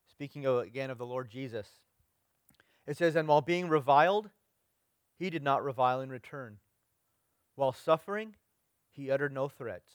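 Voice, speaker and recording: A middle-aged male pastor delivers a sermon conversationally, letting phrases trail off softly and sometimes rising into loud, mock-stern lecturing. His voice is mid-range with no echo.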